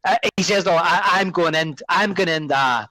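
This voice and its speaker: A man's voice: a little high, normal speed, no room sound, poor audio. A man co-hosting a podcast, chatting casually about a film and acting out its lines. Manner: animated, quotes film lines in character. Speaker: podcast co-host.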